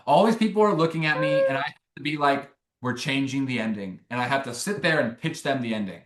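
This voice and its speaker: A young man, a filmmaker guest, telling a long story in a rambling, animated way with many restarts. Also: fairly high pitch, fast, reverberant. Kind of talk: casual interview storytelling.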